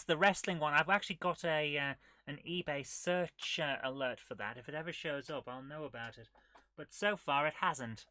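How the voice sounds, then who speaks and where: A woman's voice: sits low, pushed and bright. A woman hosting a casual retro gaming live stream, chatting and muttering to herself as she clicks through menus. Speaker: retro gaming show host.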